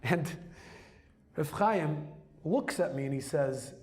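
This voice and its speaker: A man telling a personal story as a rabbi, lively and emphatic, dropping Hebrew and Yiddish terms into his English. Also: a little high, slow pace. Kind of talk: storytelling talk.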